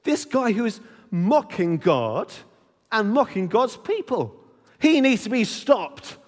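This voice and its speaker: A man's voice: sits high, sing-song, takes it slowly, in a large hall, exaggerated voice. A man voicing a brave, determined young shepherd boy in an earnest tone while telling a children's Bible story.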